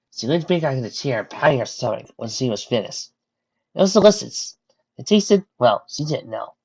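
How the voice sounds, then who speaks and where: Fan story reader, breathy voice, kinda muffled lo-fi audio, trips on words sometimes. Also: mid-range voice.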